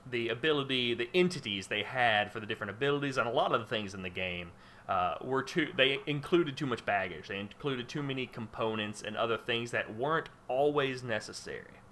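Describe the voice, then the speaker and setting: A man's voice: mid-range voice, fairly quick, pushed and bright, a little hiss or hum. A man hosting a casual gaming podcast, rambling with lots of fillers and restarts. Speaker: podcast host. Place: home room under a spotlight.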